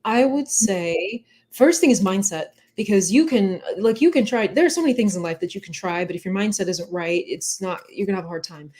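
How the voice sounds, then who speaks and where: A woman's voice: mid-range voice, brisk, hardly any pauses, a little mellow. A woman from the US South, a guest on a podcast interview, telling stories and giving advice in an earnest, reflective way. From US South, Atlanta area. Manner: earnest, reflective, tells stories with quoted voices. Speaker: guest, comic creator. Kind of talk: casual interview chat.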